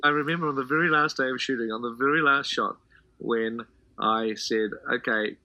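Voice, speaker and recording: A man's voice: mid-range voice, moderate pace, bright, forceful tone, dry recording, dull audio. A man being interviewed for a documentary, recalling moments from a film shoot. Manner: anecdotal, conversational storytelling. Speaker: filmmaker interviewee.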